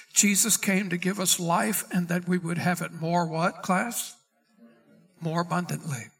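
A pastor delivers an expository sermon in a high voice for a man. He reads scripture slowly and deliberately and calls out questions to his congregation. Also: creaky. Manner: preaching, reading scripture aloud slowly.

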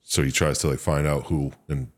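A man with an extremely low, deep voice chats on a gaming podcast. He is laid-back, swears casually and laughs a lot between stories. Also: little pitch movement, a little fast. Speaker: podcast co-host. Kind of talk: casual chat.

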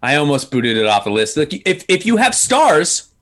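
A man hosting a podcast, telling stories in an animated, laughing way with lots of restarts. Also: on the high side, normal speed. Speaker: podcast host. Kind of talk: casual storytelling chat.

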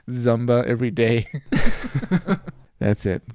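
A man co-hosting a casual podcast with a lively voice that swings up and down as he jokes. He laughs often and slips into playful mock-dramatic asides. The recording is dry and close, with no room sound. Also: fairly low pitch, normal speed, no room sound. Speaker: co-host.

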